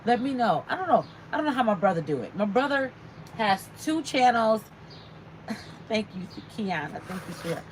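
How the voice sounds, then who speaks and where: A woman's voice: on the high side, a little hiss or hum, rough recording. A woman hosting a casual livestream, chatting and reading out viewer comments. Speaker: livestream host.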